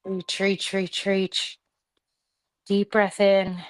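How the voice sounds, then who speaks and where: A fitness instructor leads a live home workout class, counting reps and cueing breaths chattily while making asides to her dog. Her mid-range voice is monotone, very slow, and clean in tone.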